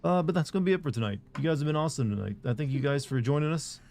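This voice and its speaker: A man's voice: on the high side, racing, slight background noise. A young man streaming a video game, chatting casually and rambling with lots of fillers. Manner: rambling, relaxed, frequent fillers. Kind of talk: casual live-stream chat.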